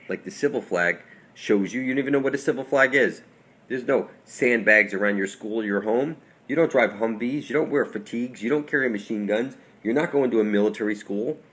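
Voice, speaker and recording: Low-voiced man rambling insistently. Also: fairly bright tone. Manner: rambling, insistent, lecturing the audience. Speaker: channel host. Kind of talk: rambling conspiracy monologue.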